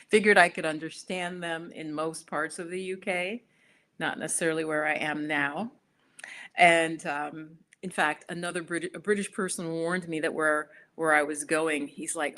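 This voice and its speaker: A woman's voice: deep voice, fairly even intonation, normal speed, sharp tone. A middle-aged American woman chatting casually on her own livestream, rambling with restarts and fillers. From United States. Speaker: spiritual YouTuber.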